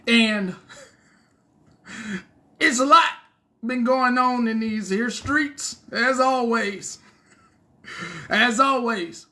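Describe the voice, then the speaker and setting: Slow, sharp-toned man hosting. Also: extremely high pitch. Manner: rambling, laughs at own jokes. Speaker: host of a comedic news show. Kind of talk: loose comedic monologue.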